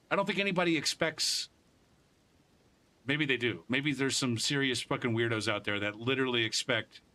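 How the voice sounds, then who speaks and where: Bright-voiced rambling, cussing male streamer. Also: medium pitch. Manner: rambling and profane, with frequent restarts. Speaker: game streamer. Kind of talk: casual live-stream chat.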